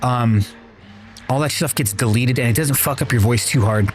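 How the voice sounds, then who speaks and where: This man streams a video game and chats casually with his audience, rambling and swearing freely. His voice is mid-range, his pace moderate, with a bit of background noise.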